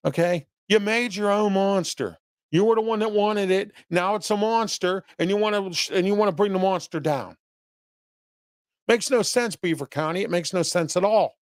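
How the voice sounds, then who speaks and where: A man hosts his own local commentary show, giving opinions and reading viewer chat while bluntly scolding his audience with rhetorical questions, repeated "okay?", and frequent rambling. His voice sits high at a normal pace, with clean, echo-free studio quality.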